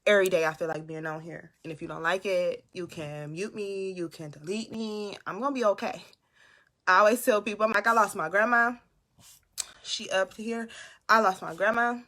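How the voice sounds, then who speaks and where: A woman on a casual live stream, talking loud and animated straight to her viewers, giving them a pep talk. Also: medium pitch, moderate pace. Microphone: phone or webcam.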